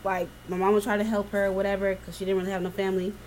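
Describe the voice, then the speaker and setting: A woman co-hosting a casual chat, telling stories in an animated, profane way. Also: mid-range voice, rapid-fire, a little hiss or hum. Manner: animated storytelling, swearing freely.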